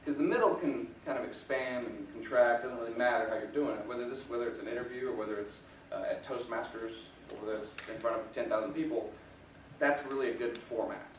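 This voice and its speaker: A man's voice: mid-range voice, fast talker, slight background noise. A man giving a motivational talk to an audience, telling self-deprecating stories and chuckling often. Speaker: guest speaker. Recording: echoey room, distant mic.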